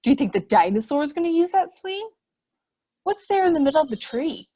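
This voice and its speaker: Animated woman reading to preschoolers. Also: high-pitched, brisk. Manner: animated, full of questions and gasps for children. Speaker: children's program host. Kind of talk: reading a picture book aloud to preschoolers. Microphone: webinar computer mic.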